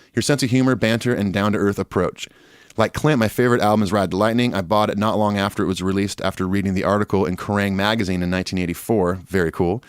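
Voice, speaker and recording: Laid-back man, low dry voice. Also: no room sound. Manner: laid-back, rambling, laughs often. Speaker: podcast co-host. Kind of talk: casual chat, reading listener emails. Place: Nashville.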